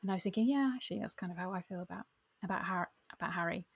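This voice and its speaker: A woman's voice: on the low side, little pitch movement, rapid-fire, creaky, breathy edge. A woman co-hosting a book podcast, chatting casually and sharing opinions with lots of tag questions. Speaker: podcast co-host.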